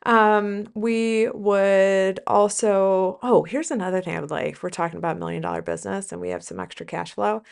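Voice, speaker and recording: A woman's voice: medium pitch, expressive, moderate pace, vocal fry, few pauses, clean tone. A woman hosting a podcast, talking casually in a rambling, chatty way with lots of fillers and self-corrections. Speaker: podcast host and business coach for nurses.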